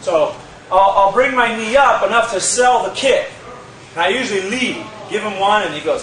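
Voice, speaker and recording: A man teaching a martial arts move in a lively, demonstrative way, with sound effects, recorded from a distant camera. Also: high-pitched, moderate pace. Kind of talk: casual instructional demonstration. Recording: echoey gym from far off with crowd.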